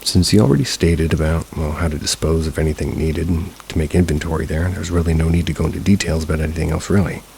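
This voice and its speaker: A man narrating a first-person paranormal story in a steady, low-key manner. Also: fast, gravelly, hardly any pauses, a little hiss or hum, rough recording. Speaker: narrator of submitted paranormal stories.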